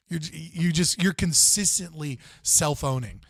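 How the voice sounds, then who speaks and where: A man's voice: fairly high pitch, slow, gravelly, a bit bright, husky, no room sound, studio quality. A man hosting a live stream, casually reacting to clips in a rambling way with lots of fillers and frequent laughs.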